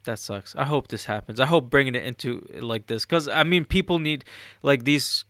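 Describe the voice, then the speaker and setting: A man's voice: mid-range voice, normal speed, bright, forceful tone, no echo, studio quality. A young man co-hosting a casual podcast, laid-back and reading out entertainment news. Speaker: podcast co-host.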